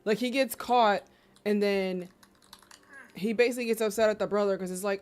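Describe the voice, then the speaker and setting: A little fast and mid-range in pitch, a woman streamer tells stories casually and in slang. Lively throughout, she breaks into loud exclamations of disbelief.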